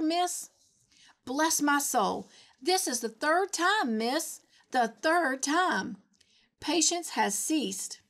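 A woman's voice: fairly high pitch, close to an everyday voice. A woman voicing a short, fat, bald old farmer who splutters with anger and keeps saying "miss" indignantly.

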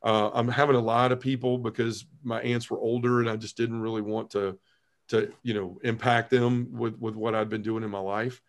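Earnest man telling his testimony. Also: level tone. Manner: earnest storytelling, halting restarts, drops low when emotional. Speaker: podcast guest. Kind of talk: personal testimony in conversation.

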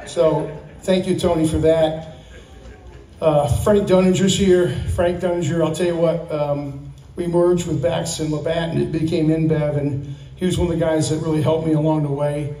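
A man in his sixties, slightly high-pitched with a mellow tone, gives a rambling retirement speech full of stories and chuckles. He is picked up from a distance in an echoey room with a faint hum of ambience. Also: level tone, moderate pace. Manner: rambling, storytelling, chuckling often. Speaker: retiree giving a farewell speech. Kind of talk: casual thank-you speech with anecdotes. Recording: echoey room, mic from afar.

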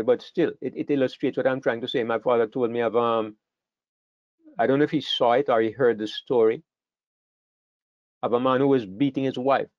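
A man's voice: mid-range voice, no echo, highs cut off. An older man teaches a Bible class in an earnest way, often repeating words as he thinks.

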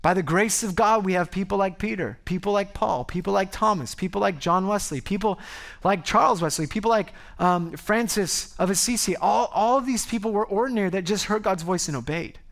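A male pastor preaching to his congregation in a loose, conversational style. He grows animated and often cuts himself off to restart a thought. His voice sits high for a man. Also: a little fast, gravelly. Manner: conversational, animated, self-interrupting. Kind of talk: sermon. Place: church service before a congregation.

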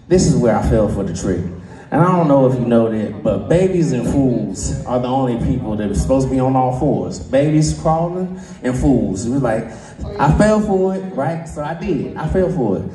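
A man doing a stand-up comedy set, who often laughs at his own jokes and jumps into high voices for the people he quotes. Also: mellow, distant mic. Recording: roomy sound from away from the mic.

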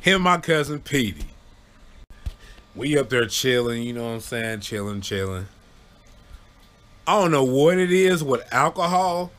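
A man casually telling funny childhood stories, animated, breaking into loud high yelps when he acts out what people said. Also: unhurried, long pauses. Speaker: storyteller. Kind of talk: casual storytelling to camera.

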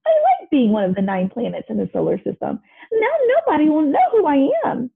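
A woman voicing a small, indignant male dwarf planet who shouts and boasts in a storybook. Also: high-pitched, wildly swooping pitch, brisk, vocal fry, narrow, tinny audio, pitched above the performer's own voice, full character voice. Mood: defiant. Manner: shouting, exclaiming.

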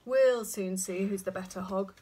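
A woman voicing a gruff father hedgehog. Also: mid-range voice, moderate pace, mellow, natural voice. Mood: grumbling. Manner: gruff, grumbling.

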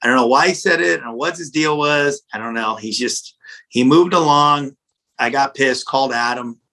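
A middle-aged man, a pizza restaurant owner, telling a story in a casual interview in a blunt, animated, profane way. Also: medium pitch, normal speed, poor audio.

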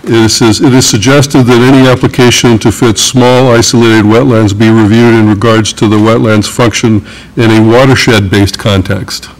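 A male councilmember asking questions at a meeting, halting and full of fillers as he reads from a report. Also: mid-range voice, steady tone, rough recording. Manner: hesitant, many fillers and restarts while reading.

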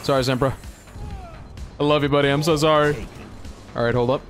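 A young man giving excitable, laugh-filled commentary while playing a shooter game. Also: medium pitch, fairly quick. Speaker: gaming YouTuber. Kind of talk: casual gameplay commentary. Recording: music heard behind. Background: game music and gunfire.

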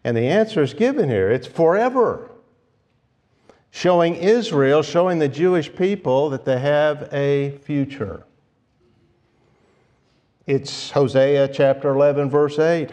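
A man preaching a sermon, speaking deliberately and pausing to restart his phrases now and then. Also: fairly high pitch, lively intonation, a little mellow. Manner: slow, deliberate, with restarts and fillers. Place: church sanctuary. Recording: long reverb of a church hall.

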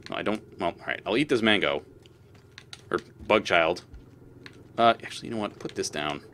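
A man's voice: low-pitched, normal speed, fairly bright tone, slight background noise. A man giving casual gameplay commentary as a let's play host; he swears often and talks back at the creatures on screen.

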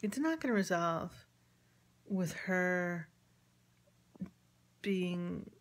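A woman's voice: lowish voice, lively intonation, drawn-out words. Rambling woman recounting family drama. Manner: rambling, quotes conversations, frequent ums, drops to near-whisper. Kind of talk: casual personal storytelling. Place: at home with chickens nearby.

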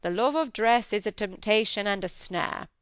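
A woman's voice: mid-range voice, expressive, moderate pace, clear, resonant tone, dry recording, clean studio sound, close to an everyday voice. A woman voicing a grave, pious middle-aged male minister and farmer who speaks in an earnest, solemn, preaching cadence.

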